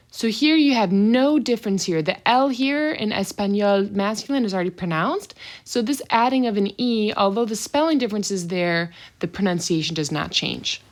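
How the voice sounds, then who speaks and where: A woman teaching French in a recorded video lesson, explaining step by step and slowing down to model pronunciation. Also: medium pitch. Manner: patient, slows down to model pronunciation.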